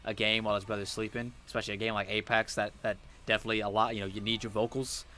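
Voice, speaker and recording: A man co-hosting a casual gaming chat while he plays, telling stories in an animated way and swearing freely. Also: lowish voice, rapid-fire, slight background noise. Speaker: co-host of a game challenge series.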